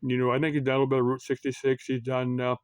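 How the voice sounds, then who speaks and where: A man's voice: medium pitch, completely flat delivery, rapid-fire, smooth. An American man in the middle of his range talks loosely to his viewers, drifting between points with plenty of "uh" and "you know." His voice sits in a dry, close space with no room echo. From United States. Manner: meandering, full of fillers and restarts. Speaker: YouTube commentator. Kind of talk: casual rambling commentary.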